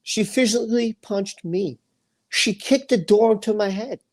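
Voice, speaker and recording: Man, livestream host, angry rant, warm dark tone, emphatic, repeats words. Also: sits high, unhurried. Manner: emphatic and repetitive, stumbles over words.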